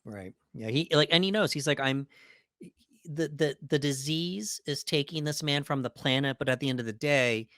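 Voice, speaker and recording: A man's voice: on the high side, brisk, a bit bright, no echo, clean studio sound. Rambling man chatting about a film. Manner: rambling, many fillers and restarts. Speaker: podcast co-host. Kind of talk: casual film discussion.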